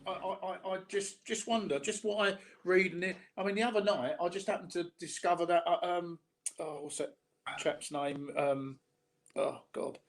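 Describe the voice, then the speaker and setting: A man from South London with a Cockney accent, chatting casually, halting and repeating himself, blunt and sweary. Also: high voice, fairly even intonation. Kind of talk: casual chat.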